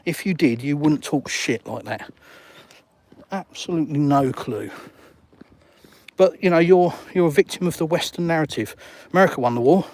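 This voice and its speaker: A man's voice: a little high, normal speed, a little mellow. A middle-aged English man on a casual outdoor walk-and-talk live stream, bluntly and sarcastically reading out viewer comments and firing back at them. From England. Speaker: vlogger answering live chat. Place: outdoors on a seafront.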